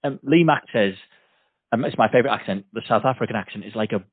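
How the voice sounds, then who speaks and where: A man's voice: on the low side, fast talker, slightly rough, no echo. A man hosting a podcast, chatting casually and jokily, slipping into playful accent impressions now and then. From England. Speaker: podcast host. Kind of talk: casual chat. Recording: tinny phone-like dry sound.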